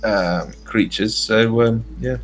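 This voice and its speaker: A man's voice: fairly low pitch, steady tone, slow, faint music behind. A man in casual chat as a tabletop player, joking and switching in and out of character.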